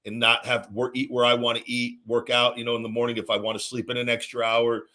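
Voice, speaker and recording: Man, podcast host, bright forceful tone, easygoing storytelling, restarts a lot. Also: medium pitch, quick pace. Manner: relaxed storytelling with frequent restarts. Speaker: podcast host, former wrestler. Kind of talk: casual podcast chat.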